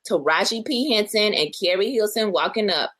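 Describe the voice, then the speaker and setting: A woman's voice: mid-range voice, expressive, moderate pace, a bit bright. A woman co-hosting a casual podcast chat, telling stories and acting out her own thoughts in quotes. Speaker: podcast co-host.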